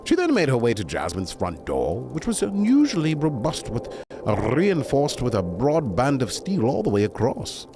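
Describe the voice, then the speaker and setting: A man's voice: medium pitch, huge pitch swings, moderate pace, over music. A man reading a bedtime story aloud to a stream, breaking off for chatty, digressing asides.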